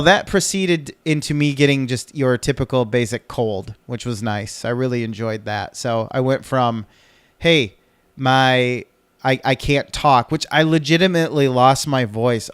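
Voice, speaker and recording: Here a thirty-something podcast co-host talks casually from his home, his mid-range voice smooth and free of room sound. His speech wanders, he keeps interrupting himself, and curses slip out whenever he's rattled.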